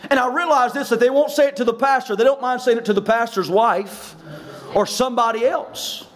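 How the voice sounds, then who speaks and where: Pastor, male, very high pitch, preaching hard with shouted emphasis. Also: brisk. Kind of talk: sermon.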